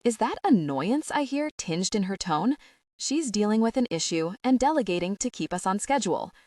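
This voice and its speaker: Expressive woman narrating an audiobook. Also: mid-range voice, moderate pace, no room sound, clean studio sound, recorded from a distance. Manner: expressive, wry, lively storytelling. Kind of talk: first-person audiobook narration.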